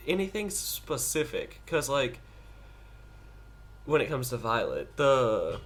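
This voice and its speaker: Co-hosting a casual art podcast, a medium-pitched man speaks hesitantly and haltingly, restarting sentences and using dry understatement.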